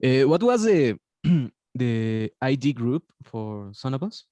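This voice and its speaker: Male participant on a video call, unsure and halting, mellow dark tone, dry sound. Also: medium pitch, very animated, no echo. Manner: hesitant, unsure questions. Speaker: workshop participant. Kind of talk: casual question over video call.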